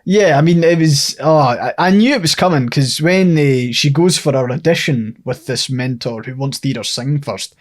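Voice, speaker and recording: A man's voice: medium pitch, normal speed, hardly any pauses. A man co-hosting a podcast, ranting sarcastically about a film and swearing freely. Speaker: podcast co-host. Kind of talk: casual chat, film review.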